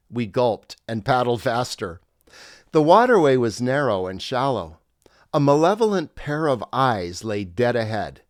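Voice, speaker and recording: A man's voice: medium pitch, big pitch swings, unhurried, dry recording, studio quality. A middle-aged man, a former pastor, narrating his memoir in a wry, reflective storytelling manner.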